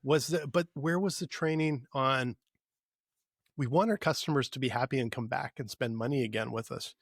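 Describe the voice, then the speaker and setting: A man's voice: mid-range voice, normal speed, dry recording, studio quality. A man co-hosting a podcast, casually telling a story with lots of fillers and restarts. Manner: storytelling, animated retelling with frequent fillers and restarts. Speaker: podcast co-host. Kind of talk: casual chat.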